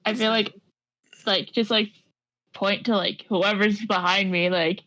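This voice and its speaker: A woman's voice: mid-range voice, steady tone, unhurried, a bit bright, dry recording, poor audio. A woman playing a tabletop game, chatting casually and rambling with many fillers. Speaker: player.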